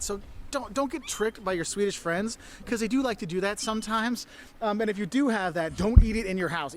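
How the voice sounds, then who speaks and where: A man presenting travel advice in a lively, chummy way, often acting out little voices. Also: high-pitched, slight background noise.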